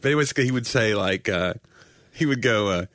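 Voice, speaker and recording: Animated low-voiced man joking around. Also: a little fast, no echo, studio quality. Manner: joking, animated, laughs often. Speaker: comedian co-host. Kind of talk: casual comedy podcast chat.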